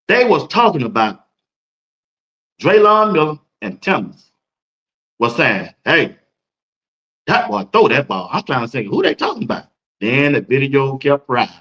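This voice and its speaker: A man's voice: mid-range voice, sharp tone, dull audio. A man hosting a sports talk show, talking in a casual, hyped-up way and laughing between points.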